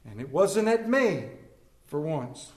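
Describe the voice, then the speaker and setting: A man's voice: fairly high pitch, sing-song, slow, darkish tone, roomy sound. A middle-aged man preaching a humorous sermon to a congregation, telling family stories with jokes and asides. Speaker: pastor. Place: church sanctuary.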